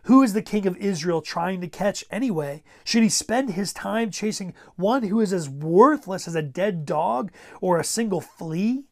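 A preacher voicing an earnest young warrior pleading. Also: male voice, sits high. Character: young male warrior pleading with his king. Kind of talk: sermon scripture retelling.

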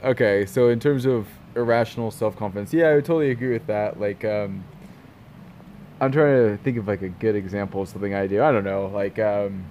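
Man, lowish voice, relaxed podcast storyteller, faint hiss underneath. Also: fairly quick. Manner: relaxed storyteller, many fillers, laughs easily. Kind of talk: casual chat.

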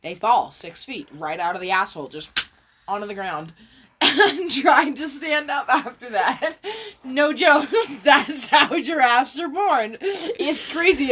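A young woman co-hosting a casual comedy podcast, her pitch swinging widely as she swears, laughs and slips into quick silly voices. The voice sits a little high, with a faint hiss of noise behind it. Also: animated, a bit bright. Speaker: podcast co-host.

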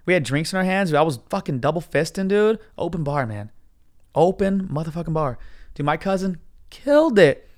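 A man with a slightly raised voice hosts a podcast alone, telling a story loosely and with lots of swearing. He tacks "dude" and "man" onto almost every phrase, and his voice is a bit hoarse. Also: a little high, moderate pace. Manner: profane, animated, says dude constantly. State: hoarse from cigars. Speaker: podcast host. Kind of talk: casual podcast monologue.

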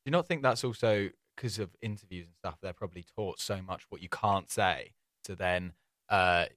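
A man on a podcast asking blunt questions in casual chat. His voice is very deep. It is recorded close and dry. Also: moderate pace, a bit bright, no room sound. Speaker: podcast co-host.

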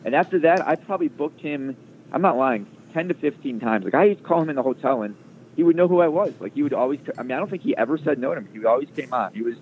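A man's voice: mid-range voice, lively intonation, fast talker, a little hiss or hum. A man guest telling a long story in a casual interview, rambling with many fillers and restarts. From Chicago area. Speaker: guest, sports radio producer. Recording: tinny phone-like line.

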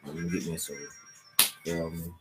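Woman with an extremely low voice, casual livestream rant, profane and streetwise, music playing behind. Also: little pitch movement, very fast, a little mellow. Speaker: podcast host.

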